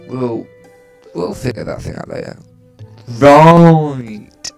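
A man's voice: mid-range voice, moderate pace, soft background music. Chatty, joking male let's player. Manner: reads game dialogue aloud, joking and self-mocking asides; chatty and rambling in asides. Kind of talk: casual gameplay commentary.

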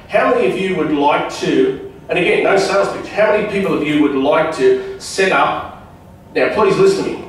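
A man's voice: on the high side, a little hiss or hum. A man giving a chatty seminar talk to a club audience, often quizzing them with questions. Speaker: guest speaker at a club meeting. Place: meeting room at a club. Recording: echoey room, distant mic.

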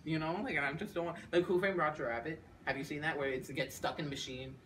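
A man's voice: fairly high pitch, fairly even intonation, fast talker, fairly bright tone, far from the mic, slight background noise. A young man in music school chatting casually, rambling and goofy. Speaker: music student. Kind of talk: casual chat.

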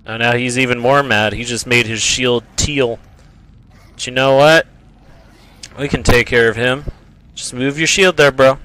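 A man casually commentating his own gameplay, rambling, joking and trash-talking the enemies, often repeating phrases in a drawn-out voice. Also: mid-range voice, sharp tone, smooth. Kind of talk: casual let's-play commentary.

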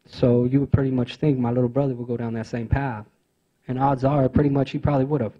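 A man giving a speech at a conference, telling personal stories in an earnest, halting way with many fillers and restarts. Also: medium pitch, steady tone, muffled recording. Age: adult father of teenage sons. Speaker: conference speaker.

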